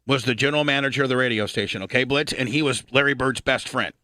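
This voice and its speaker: Man in his 50s, radio host, profane rambling storyteller, forceful tense voice, dry sound. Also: mid-range voice, moderate pace, no room sound. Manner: profane, rambling, clears throat often. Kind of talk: casual storytelling on a talk show.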